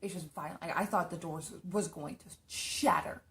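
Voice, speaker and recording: A woman's voice: on the low side, normal speed, vocal fry. A young woman casually telling spooky personal stories from her apartment, chatty and swearing freely. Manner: chatty, swears often, animated retelling. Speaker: beauty vlogger. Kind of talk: casual storytelling.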